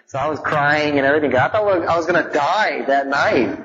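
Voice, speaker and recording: A man teaching a live audience in a relaxed, conversational way, mixing in stories from growing up and frequent fillers. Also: fairly high pitch, a little fast, highs cut off. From Hawaii.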